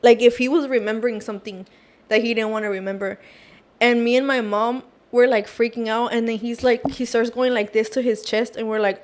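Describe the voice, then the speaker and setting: Animated and casual, a woman guest on a podcast shares a personal story full of fillers like "like" and "oh my gosh." She speaks at normal speed with a fairly high pitch.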